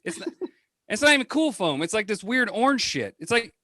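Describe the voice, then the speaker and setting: A man's voice: high voice, sing-song, a little fast, bright, forceful tone, no echo. A man doing a stand-up routine over a video call, with a brash, profane, punchy delivery. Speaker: stand-up comedian. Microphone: computer or phone mic on a video call.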